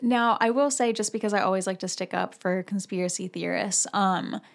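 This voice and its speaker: A young woman hosts a podcast in a relaxed, chatty way. Her speech is full of casual fillers. Her voice is a bit sore and hoarse. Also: mid-range voice, moderate pace. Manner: chatty, filler-heavy, with many "like"s. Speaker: podcast host. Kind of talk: casual chat.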